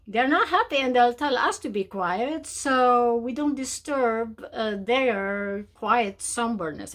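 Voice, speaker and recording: A woman speaks to her viewers in a slow, drawn-out way. Her voice sits a little high, and she slips into mocking voices of the people who tell others to be quiet. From from outside North America. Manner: animated, mocking voices of naysayers, calls listener darling. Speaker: spiritual show host. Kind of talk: motivational talk to camera.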